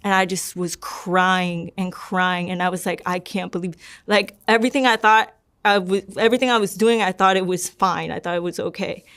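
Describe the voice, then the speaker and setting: A woman's voice: on the low side, moderate pace, a bit bright, clear, resonant tone. A young woman telling her personal testimony in a casual, rambling way, full of "like" and repeated words. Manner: rambling, many likes and repeats. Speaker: guest sharing her testimony.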